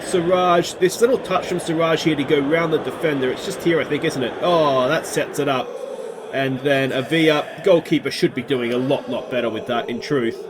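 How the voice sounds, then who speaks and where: An Australian man with a slightly high-pitched voice talks through a football management game as he plays. He chats casually and keeps tagging his remarks with rhetorical questions. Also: noisy background. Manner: chatty, asks himself rhetorical questions. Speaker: let's play host. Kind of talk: game commentary.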